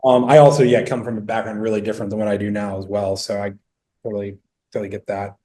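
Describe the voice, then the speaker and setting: A man's voice: fairly low pitch, little pitch movement, quick pace, dark tone. A man interviewing a guest, asking eager, rambling questions full of hedges and asides. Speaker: interviewer, company co-founder.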